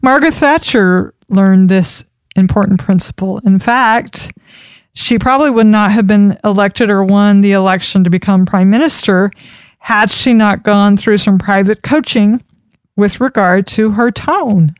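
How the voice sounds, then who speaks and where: A woman giving an instructional talk on public speaking, expressive and demonstrating pitch changes as she teaches. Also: unhurried, dry recording, studio quality. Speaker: speaking coach.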